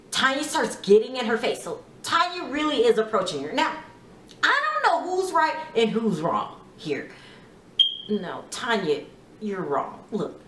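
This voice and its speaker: Lively chatty woman recapping TV. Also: a little high, recorded from a distance, a little hiss or hum. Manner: chatty, lots of "you know", quotes people in lively voices. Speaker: TV recap vlogger. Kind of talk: casual TV episode recap. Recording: echoey room, off-mic.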